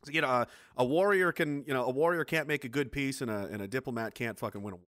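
A man in casual podcast chat, rambling and animated, swearing freely as he rants. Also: mid-range voice, fast talker, dry recording, clean studio sound. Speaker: podcast co-host.

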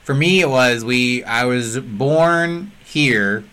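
A young male podcast host with a bright, sharp-edged voice. He talks in a chatty, casual way and quickly jumps in with comments. His pitch stays in the middle range. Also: clear, resonant tone.

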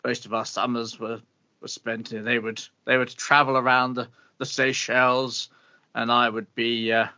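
A man with a mid-range voice plays a pompous, bitter older meteorologist with an upper-class English accent in an improvised comedy interview, blustering, grumbling and swearing mildly. His delivery is flat and at normal speed, with a pushed, bright tone. The recording is dry, with the highs cut off.

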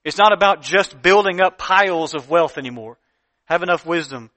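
A man preaching a sermon, reading Bible verses slowly and deliberately and then explaining them in earnest, plain talk with emphatic repeated lists. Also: fairly high pitch, expressive, a bit bright. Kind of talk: sermon teaching from Proverbs.

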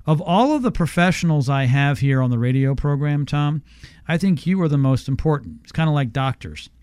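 A man hosting a radio show, pitching a free service with an upbeat sales manner and slowly repeating a phone number. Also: expressive, darkish tone, smooth, dry recording, clean studio sound. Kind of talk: radio show sponsor promotion.

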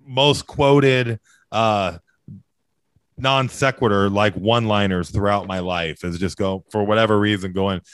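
A man's voice: fairly low pitch, fairly even intonation, a little slow, clean tone, no room sound. Laid-back young man, dry close sound. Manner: laid-back, swears casually, drops into shouted quotes. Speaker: podcast co-host. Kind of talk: casual movie chat.

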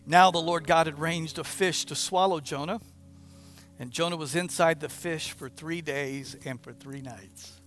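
A man preaching a sermon, retelling a story with lively, acted-out quoted prayers. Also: a little high. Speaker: pastor.

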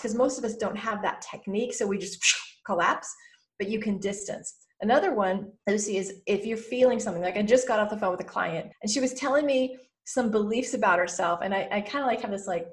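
A middle-aged woman, a podcast guest who mentors business owners, talking lively and acting out inner voices. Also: medium pitch, brisk. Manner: animated, acts out inner voices in quotes. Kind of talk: podcast interview.

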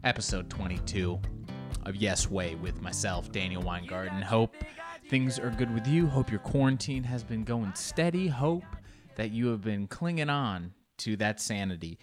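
A male comedian talks alone into his podcast mic at home, in a loose, rambling monologue. He mocks himself, swears freely and jumps up high in pitch whenever he wants to make a point. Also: moderate pace, music in the background. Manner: rambling, joking and self-mocking, with frequent swearing; animated, with sudden jumps up in pitch for emphasis. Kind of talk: casual solo podcast monologue.

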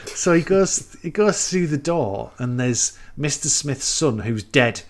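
Casual male co-host, middle pitch, loose rambling retelling with put-on character lines. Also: lively intonation, moderate pace, hardly any pauses. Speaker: podcast co-host. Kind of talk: casual film recap chat.

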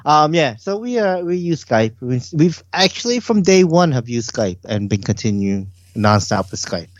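A man co-hosting a casual podcast, talking in a relaxed, rambling way with many fillers. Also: fairly high pitch, moderate pace, no echo. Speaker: podcast co-host. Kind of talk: casual chat.

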